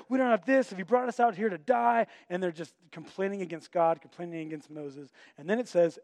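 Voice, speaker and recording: A high-voiced man preaches with no room sound in the recording. Telling a story as part of his sermon, the pastor gets animated and acts out the characters' voices.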